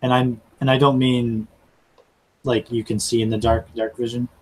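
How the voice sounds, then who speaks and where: A man narrating a tabletop role-playing game as game master, in a halting storytelling way. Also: mid-range voice, flat delivery, slightly rough, poor audio.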